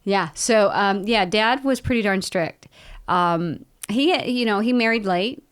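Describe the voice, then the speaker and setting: A woman from Louisiana, a guest actress and producer, telling lively, chatty stories with frequent laughter in a casual interview. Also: mid-range voice, unhurried, clean tone. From Louisiana, United States.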